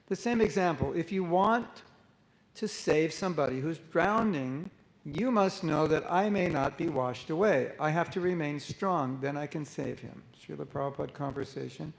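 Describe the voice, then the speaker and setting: A man's voice: a little high, vocal fry, rough recording. A man giving a conversational sermon to a live group, asking the audience questions and acting out the voices he quotes. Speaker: monk giving a spiritual talk.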